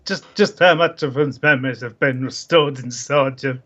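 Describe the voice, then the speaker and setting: A man voicing a young man in a visual novel who speaks with hesitant, halting uncertainty, recorded on a muffled lo-fi mic. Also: mid-range voice, bright, forceful tone. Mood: uneasy. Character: young man, the robot's wary brother.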